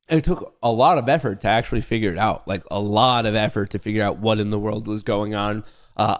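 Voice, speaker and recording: An excitable man hosting a livestream, chatting casually with his viewers. His pitch swings up and down a lot as he rambles from one thought to the next, throwing in curse words without a second thought. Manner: excitable, rambling, swears freely, talks to chat. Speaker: livestream host.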